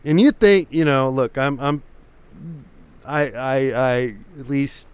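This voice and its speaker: A man's voice: medium pitch, slow pace, clear, resonant tone. A man from Oakland hosting a live painting stream, a few drinks in, rambling and stumbling over his words. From Oakland, California. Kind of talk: casual live-stream chat.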